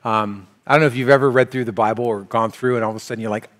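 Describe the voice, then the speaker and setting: A man preaching a sermon as pastor, talking in a conversational, animated way. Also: medium pitch, very fast. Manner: conversational, animated, shifts into quoted voices. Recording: long hall reverb, faint music.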